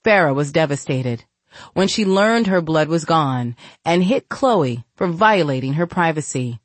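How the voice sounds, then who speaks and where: A woman's voice: deep voice, measured pace, no echo. A woman narrating a gritty novel as an audiobook, reading expressively. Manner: expressive, voices each character. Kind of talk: scripted narration.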